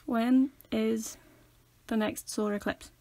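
Giggly Northern Irish woman with gravelly fry. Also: on the high side, steady tone, takes it slowly, dry recording. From Northern Ireland. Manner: playful, bursts into loud giggling. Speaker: podcast co-host. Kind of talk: casual chat.

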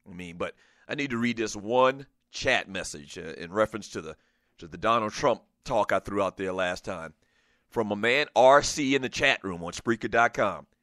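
Male talk host, sharp bright tone, emphatic, repeats himself, jokes and laughs between points. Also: fairly low pitch, moderate pace. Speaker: podcast host. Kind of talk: casual sports talk show.

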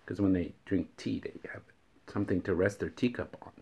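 A man's voice: low-pitched, fairly quick, gravelly, a little mellow, slightly rough. A man hosting a daily joke vlog who repeats each riddle and laughs at his own punchlines. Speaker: host. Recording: dull lo-fi recording.

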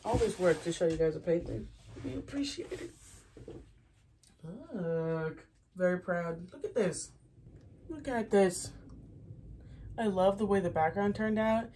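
A young woman with a slightly hoarse morning voice, chatting casually while doing her morning routine for a vlog. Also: on the low side, animated, a little slow, pauses often, mellow, slight background noise. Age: young adult. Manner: chatty, rambling, self-deprecating. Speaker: beauty vlogger. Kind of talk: casual get-ready-with-me chat.

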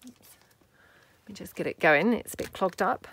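Working at a craft table, a UK craft video host chats and thinks aloud, dropping soft asides during her tutorial. Her medium-pitched voice is gravelly with a breathy edge and lively intonation, moderately paced and free of echo.

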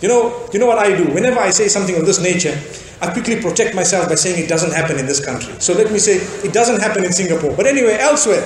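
A man's voice: high-pitched, lively intonation, fast, a little hiss or hum. A man from Zimbabwe preaching a sermon, telling stories and acting out bits of dialogue. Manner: storytelling with acted-out dialogue. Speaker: Islamic preacher. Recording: echoey hall recording.

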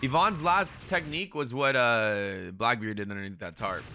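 A young man doing live reaction commentary on an anime, excitable and profane, shouting at the screen. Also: medium pitch, normal speed, a little hiss or hum.

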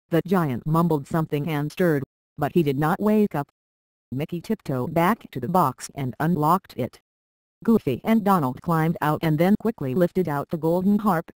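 A narrator reading a children's storybook aloud with a steady, even delivery. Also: medium pitch, dry recording, low-quality recording.

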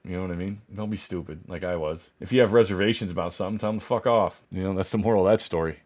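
A man's voice: deep voice, racing. A man vlogger telling a story in a rambling, profane way, full of restarts. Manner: animated, acts out others' voices. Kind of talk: casual storytelling.

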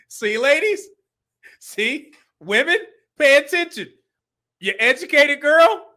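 High, bright-voiced man hosting a livestream. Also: animated, unhurried, pauses often. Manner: blunt, preachy, laughs often. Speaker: livestream host. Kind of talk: livestream commentary on clips.

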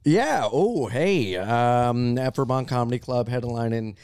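A man's voice: medium pitch, lively intonation, unhurried, darkish tone, clean tone, no echo. A man who does stand-up, joining a podcast as co-host and trading teasing quips in casual chat. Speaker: stand-up comedian, guest co-host.

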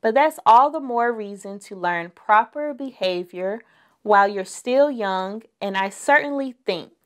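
A woman's voice: medium pitch, expressive, a little slow, smooth, lightly acted. A woman voicing a stern but loving mother bear who scolds her cubs firmly. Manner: firm, scolding.

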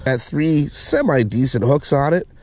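A man giving casual fishing commentary from a boat on a lake, excitable and whooping when a fish bites. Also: on the high side, a little slow. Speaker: fishing vlogger. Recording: noisy outdoor lake ambience.

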